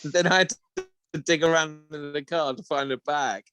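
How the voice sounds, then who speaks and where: A man's voice: on the high side, wildly swooping pitch, measured pace, fairly bright tone, soft background music. A man co-hosting a casual podcast chat over a video call, laughing often, swearing freely and reading listener messages aloud. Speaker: podcast co-host.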